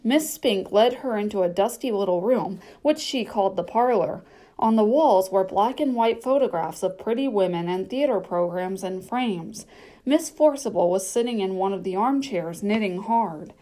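A woman reads a children's novel aloud in a measured, storytelling way. Her voice is warm and mellow, sitting at a middle pitch. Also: lively intonation. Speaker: narrator. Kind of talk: audiobook narration.

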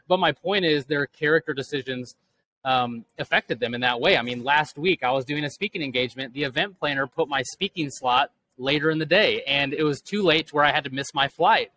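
A man in his thirties speaking as a guest author in an earnest, motivational way. His voice sits a little above the usual male pitch. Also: bright, forceful tone, poor audio. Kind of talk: podcast interview answer.

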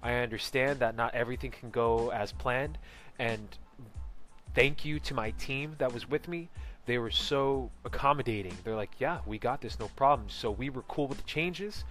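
A man's voice: medium pitch, normal speed, a bit bright, faint music behind. A man telling a casual story about a costumed event, rambling with many fillers and restarts and laughing often, into a close mic. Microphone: close personal mic.

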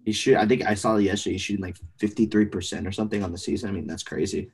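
A man co-hosting a casual sports podcast, opinionated and animated, often trailing off into fillers. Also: lowish voice, rapid-fire, slightly rough. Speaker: podcast co-host.

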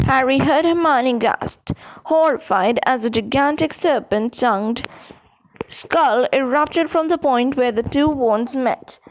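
A woman narrating an audiobook in a steady, measured storytelling manner. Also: high-pitched. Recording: dull lo-fi audiobook recording.

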